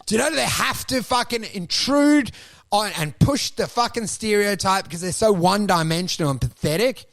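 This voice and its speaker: A man with an American accent co-hosting a comedy podcast, riffing and swearing and building up to shouted bits. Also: high-pitched, expressive, normal speed, vocal fry. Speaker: podcast co-host.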